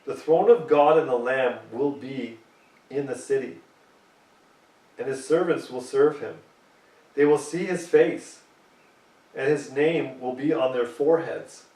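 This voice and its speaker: A man's voice: medium pitch, measured pace, long pauses, mellow, echoey room, recorded from a distance, rough recording. A man preaching a sermon, reading scripture aloud and pressing his points emphatically.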